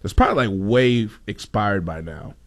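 A man's voice: expressive, moderate pace. A man chatting casually on a podcast, telling a funny story with lots of laughter and self-interruptions. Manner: laughing storyteller, jumps into high put-on voices. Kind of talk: casual chat.

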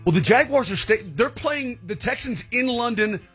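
A man co-hosting a casual sports talk show, loud and joking. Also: extremely high pitch, animated, normal speed, slightly rough, soft background music.

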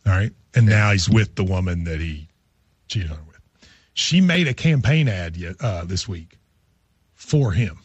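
A man hosting casual morning radio banter, chatty and teasing, with halting restarts. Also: low voice, expressive, husky, dry recording, highs cut off. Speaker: radio show host.

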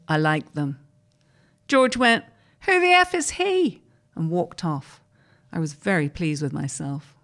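Low-voiced woman reading a story aloud. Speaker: host reading articles.

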